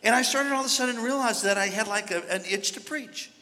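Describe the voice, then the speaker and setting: A man preaching a sermon as pastor, moving between hushed storytelling and shouted exhortation. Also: very high voice, fast talker, in a large hall. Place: large church.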